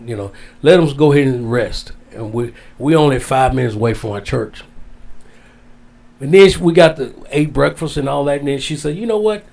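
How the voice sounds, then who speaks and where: A man's voice: medium pitch, normal speed, vocal fry, a little mellow. An older man, an interview guest, telling an emotional story in a rambling way and often repeating his phrases. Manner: rambling, repeats phrases, Southern-style casual grammar.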